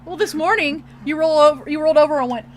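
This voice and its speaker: A woman's voice: sits high, fast. A woman co-hosting a podcast in casual chat, teasing her co-host.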